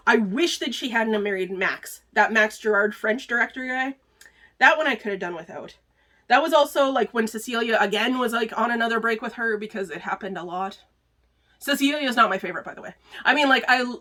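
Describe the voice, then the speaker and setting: A woman hosts a casual book review, talking in a loose, chatty way full of filler words. Her voice sits a little high and sounds bright and clear. She laughs easily between thoughts. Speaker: book club host.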